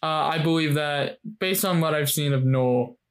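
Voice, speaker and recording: A man co-hosting a casual podcast, recapping a TV episode with animated emphasis. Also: on the high side, moderate pace. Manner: animated, repeats points for emphasis. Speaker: podcast co-host.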